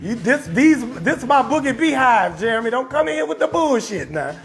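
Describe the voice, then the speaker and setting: A man with a New Orleans accent hosts a live comedy talk stream in a very high, gravelly voice. He is loud and rowdy, cursing as he reads viewer comments and roasts people. Faint music plays behind him. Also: big pitch swings, moderate pace, hardly any pauses. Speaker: comedy talk show host.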